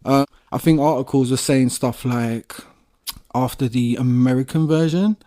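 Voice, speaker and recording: A man co-hosting a podcast in loose, uncensored banter. His voice sits in an ordinary middle pitch, and he rambles from point to point, swearing casually and keeping things laid-back. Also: normal speed, warm tone. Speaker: podcast co-host. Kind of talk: casual chat.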